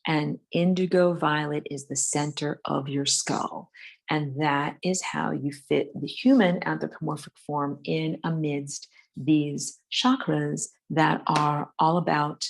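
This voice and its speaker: A woman's voice: low voice, fairly even intonation, takes it slowly, creaky, a little hiss or hum. A woman teaching a casual drawing lesson from her home studio, talking loosely with many fillers while she sketches. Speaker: art and spirituality teacher. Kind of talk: live-streamed drawing lesson. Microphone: phone camera.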